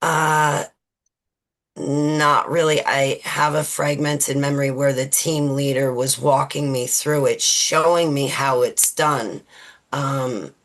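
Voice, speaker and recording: A woman in her forties, a guest in an interview, recounting personal memories in a halting way with many fillers and restarts. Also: extremely low pitch, steady tone, fairly bright tone.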